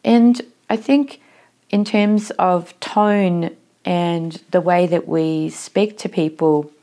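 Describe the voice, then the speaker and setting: A woman with a somewhat low voice talks listeners through how words and tone land at work. She muses on her own habits and keeps putting questions to the listener. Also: steady tone, slow, mellow. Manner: reflective, asks the listener questions. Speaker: workplace communication coach. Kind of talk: solo talk to listeners.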